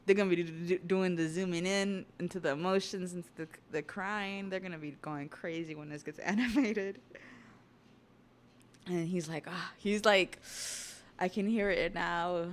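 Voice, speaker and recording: Chatty young woman streamer, lowish voice. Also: moderate pace. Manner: excitable, chatty, swears casually. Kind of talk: casual livestream reaction.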